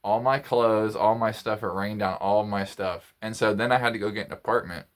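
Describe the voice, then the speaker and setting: A man with a somewhat low voice tells a story in a loose, casual monologue. He rambles, repeats himself and often restarts his sentences. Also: steady tone, normal speed. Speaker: podcast host.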